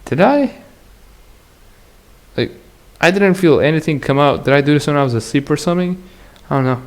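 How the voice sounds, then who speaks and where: A man with a fairly high voice talks quickly while hosting his podcast alone. It's a casual, rambling monologue, crude and slangy, with plenty of laughter.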